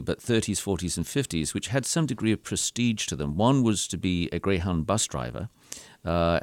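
A male radio host introducing his guest and asking measured questions. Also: sits low, darkish tone, no room sound. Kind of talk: radio interview.

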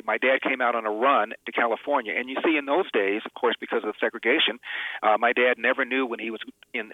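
Over a tinny, dry phone line, a man with a medium-pitched voice, a radio host and author, shares an emotional personal story as an interview guest. He repeats himself emphatically as he tells it.

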